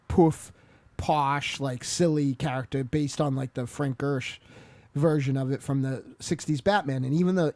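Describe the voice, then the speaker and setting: A man's voice: mid-range voice, darkish tone, no echo. A man on a podcast chatting casually about movies, rambling and hesitant with lots of filler words. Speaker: podcast co-host. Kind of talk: casual film review chat.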